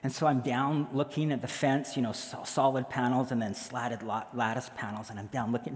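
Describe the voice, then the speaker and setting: A man's voice: medium pitch, a little fast, big-room sound. A man, a pastor, telling a story in a sermon and acting out the voices of the people in it.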